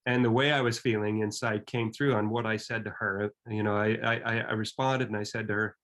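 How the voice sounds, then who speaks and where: A man in his fifties telling a personal story in an earnest, reflective way, often pausing and restarting his sentences. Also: fairly low pitch, steady tone, a bit bright.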